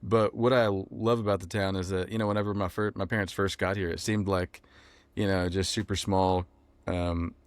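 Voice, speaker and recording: A young man, talking casually in an interview with lots of ums and pauses. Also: low-pitched, no room sound. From Texas. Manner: relaxed, many ums and restarts. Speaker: musician guest.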